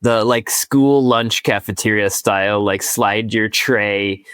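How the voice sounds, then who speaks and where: A man's voice: on the low side, steady tone, takes it slowly, a bit bright, clean tone, no room sound. Young man arguing in casual chat. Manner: earnest, argues with mock statistics. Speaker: podcast co-host.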